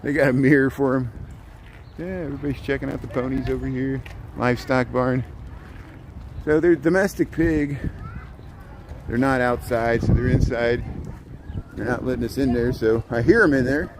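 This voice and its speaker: A man's voice: medium pitch, fairly even intonation, normal speed, long pauses, rough recording. A man walking through a zoo farm and chatting to the camera, joking and talking to the animals. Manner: chatty, jokey, talks to the animals. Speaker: vlogger. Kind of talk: casual walking vlog. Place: outdoor farm area at a city zoo. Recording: outdoor street noise. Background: outdoor ambience, birds, passing vehicles.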